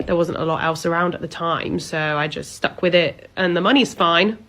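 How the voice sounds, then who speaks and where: Woman playing a deadpan British pub worker. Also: on the low side, moderate pace. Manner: flat, matter-of-fact, deadpan. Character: blunt, unbothered young woman pub worker. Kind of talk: comedy sketch acting.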